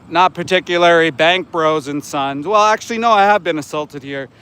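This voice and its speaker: This vegan activist livestreamer, a man in his forties, broadcasts live from a city sidewalk while traffic hums faintly in the background. He has a fairly high, bright voice and a forceful tone. Indignant throughout, he says the same things over again when someone pushes back.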